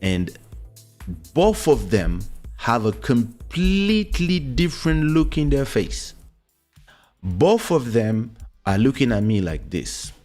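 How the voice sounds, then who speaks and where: A man, telling a personal story in a casual, animated way and acting out the voices of the people in it. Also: medium pitch, slow pace, faint music behind. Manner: animated, acts out quoted voices. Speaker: podcast host telling a story.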